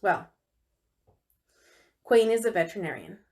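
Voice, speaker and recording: A woman's voice: mid-range voice, big pitch swings, a little slow, a little mellow. A woman co-hosting a podcast, telling a feel-good story in an upbeat, chatty way. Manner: upbeat and enthusiastic. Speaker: podcast co-host. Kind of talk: casual storytelling chat.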